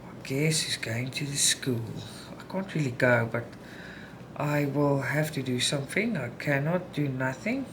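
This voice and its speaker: Low and rumbling, a South African woman talks unhurriedly while she stitches, a cross-stitch vlogger chatting candidly with viewers and venting as she talks things through. She records in a room at home, with background noise.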